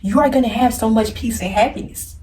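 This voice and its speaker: Speaking a little fast, a woman with a fairly high, darkish voice tearfully delivers blunt, preachy, repetitive spiritual advice directly to camera. The audio is roomy and far from the mic, with a little hiss or hum.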